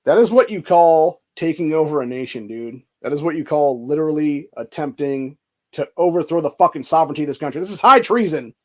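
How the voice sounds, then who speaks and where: A man with a slightly high-pitched voice fires off an angry, curse-filled rant on his livestream. He keeps tacking "dude" onto his sentences and talks as if fed up with everything. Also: expressive, a little fast, darkish tone. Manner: angry, heavy cursing, says "dude" often. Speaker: show host.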